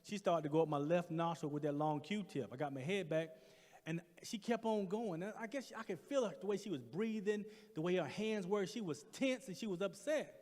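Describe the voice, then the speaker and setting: A middle-aged man doing stand-up comedy on a stage, telling a story animatedly and getting loud for punchlines. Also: high-pitched, fairly quick. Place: church hall stage with audience. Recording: reverberant hall.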